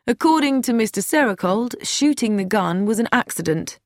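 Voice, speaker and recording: A woman reading an audiobook, voicing a kindly male police inspector who asks calm, probing questions. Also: on the high side, moderate pace, dry recording, clean studio sound, pitched above the performer's own voice.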